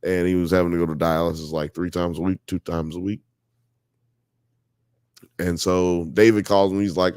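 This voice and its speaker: A man's voice: low voice, level tone, moderate pace, pauses often, darkish tone, clean tone, no echo, studio quality. A man hosting a live show, telling a story in casual chat, full of "you know" and "blah blah," and growing emphatic when worked up.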